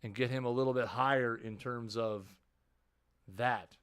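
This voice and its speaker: A man's voice: medium pitch, steady tone, measured pace, fairly bright tone, clear, resonant tone. A man streaming a video game, chatting casually and explaining his choices, often restarting and repeating phrases. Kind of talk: casual live-stream commentary.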